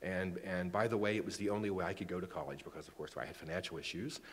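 Casting: man in his forties, low-ish voice, public lecture, reverberant hall. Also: steady tone, fast talker, slightly rough. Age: 40s. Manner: chatty, self-joking, many restarts. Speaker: astronomy lecturer. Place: lecture room.

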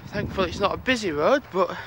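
A high-voiced man talks casually into his phone while walking outside. His chat rambles and turns to swearing when something annoys him. Loud street and traffic noise runs under his voice. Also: animated, fast. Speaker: vlogger. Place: outdoors on snowy town streets. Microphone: phone held while walking.

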